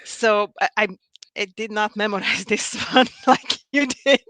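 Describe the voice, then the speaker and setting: Woman host, slow and bright, earnest with restarts; live video-call sound. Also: mid-range voice, dry recording. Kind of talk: casual spiritual conversation.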